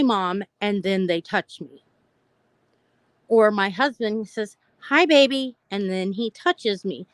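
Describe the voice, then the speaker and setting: A mental health live stream host tells her story live in a medium-pitched, fairly bright voice with no room sound. She's open and chatty, addressing her viewers directly.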